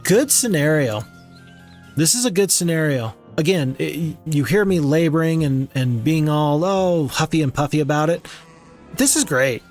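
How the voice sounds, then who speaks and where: A man hosting a let's play, commenting on a strategy game in a relaxed, rambling, self-amused way. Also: fairly high pitch, normal speed, faint music behind. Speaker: gaming channel host.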